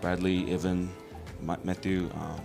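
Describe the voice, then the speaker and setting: Deep-voiced young man, hesitant interview answers. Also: level tone, a little slow, gravelly, over music. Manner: hesitant, lots of ums, modest. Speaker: student band leader interviewed.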